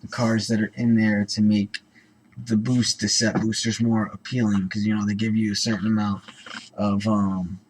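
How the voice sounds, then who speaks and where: A man's voice: on the low side, flat delivery, normal speed, darkish tone, husky, rough recording. A man talking casually through cards one by one, rambling with lots of ums and self-corrections. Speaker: card-opening channel host. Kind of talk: casual card-by-card commentary.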